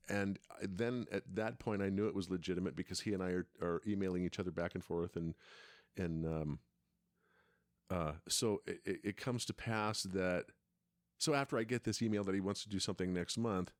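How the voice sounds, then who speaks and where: A man's voice: low voice, no echo, studio quality. A middle-aged man telling a long story in casual chat, rambling and restarting his sentences often. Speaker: podcast co-host, father.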